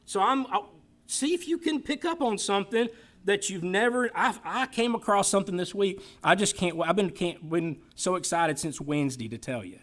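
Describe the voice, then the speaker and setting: Man, high voice, Bible class teacher, chatty, joking. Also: animated, normal speed, a bit bright. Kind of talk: casual church class talk. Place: church classroom.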